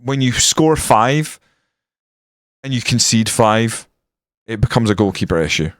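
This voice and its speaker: A man commentating his football management game on a live stream, swearing and ranting, then breaking into excited match commentary. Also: medium pitch, a little slow, dry recording, studio quality.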